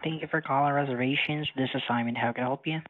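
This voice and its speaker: A man answers a reservations line in a quiet, scripted voice. The phone line sounds thin and tinny. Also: medium pitch, fairly even intonation, fast talker. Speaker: reservations agent. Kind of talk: customer service call.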